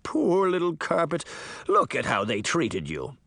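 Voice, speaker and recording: Male narrator doing a grumbling magic-mirror butler, prim, pitched up, animated. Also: a little slow, no echo, exaggerated voice. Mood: fussy. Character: fussy, stern magic mirror servant, a short man. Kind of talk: audiobook character voice.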